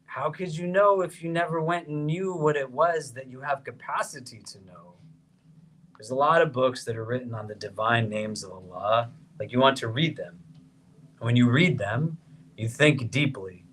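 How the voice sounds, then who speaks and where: A man, an imam, gives a religious lecture to a seated audience in a prayer hall, talking conversationally, often checking in with questions and rising sharply in pitch when he presses a point. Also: moderate pace, fairly bright tone, slight background noise. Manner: voice rises sharply on emphatic questions.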